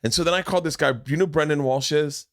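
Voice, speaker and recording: A man's voice: a little high, rapid-fire, a bit bright. A man hosting a podcast, a father who tells rambling anecdotes and laughs often. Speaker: podcast host. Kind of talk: casual chat.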